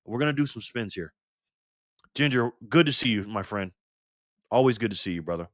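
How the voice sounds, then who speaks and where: A man's voice: lowish voice, animated, brisk, no room sound, clean studio sound. An older man hosting a casual live stream, fired up and swearing, greeting viewers in the chat by name. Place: garage.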